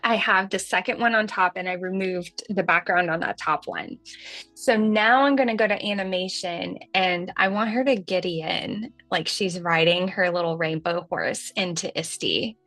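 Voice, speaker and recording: A woman in her thirties with a light Southern accent, hosting a casual software tutorial in a chatty, folksy way. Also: fairly low pitch, moderate pace, dry recording, faint music behind. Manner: chatty and folksy, says y'all, laughs at herself. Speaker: livestream host demonstrating software.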